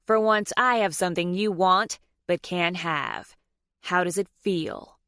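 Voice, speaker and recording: A woman narrator gives voice to a smug, cruel young man who taunts his rival in a slow, low voice. The sound is dry. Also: a bit bright, clean tone, no room sound. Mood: smug taunting.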